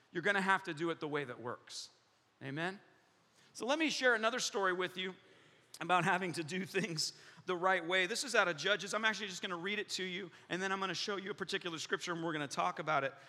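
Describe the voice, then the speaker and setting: Man, preaching, high voice, very bright and forceful, lively storyteller, long hall reverb. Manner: animated storytelling, acts out voices, laughs often. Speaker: pastor. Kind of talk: sermon with personal story.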